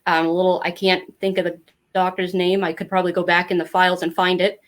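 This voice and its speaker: Her voice is on the low side and flat, moving at a quick pace. As a middle-aged podcast guest, she tells her family's story candidly and talkatively in a casual interview, with many fillers.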